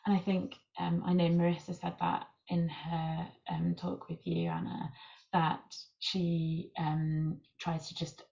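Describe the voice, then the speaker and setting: A woman's voice: lowish voice, little pitch movement, slow pace, gravelly, dark tone. A woman author explaining her writing process in a thoughtful, explanatory way. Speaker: author guest. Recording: muffled lo-fi recording.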